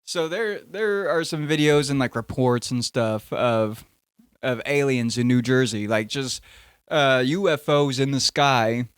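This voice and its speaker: Young male podcast host, mid-pitched, dry close sound, jokey and rambling. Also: unhurried, clean tone, dry recording. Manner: rambling, jokey, self-interrupting. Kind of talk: casual podcast chat.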